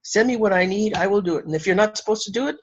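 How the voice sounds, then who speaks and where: A woman's voice: mid-range voice, highs cut off. Effusive woman spiritual teacher. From Canada. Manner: effusive, emotional, laughs often, dramatic pauses. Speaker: spiritual teacher and speaker, guest. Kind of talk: casual interview talk.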